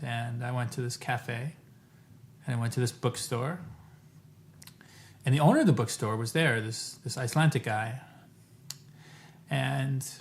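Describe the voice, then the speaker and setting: A man casually telling a travel story to camera, rambling and correcting himself as he goes, with lively bursts when he quotes people. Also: mid-range voice.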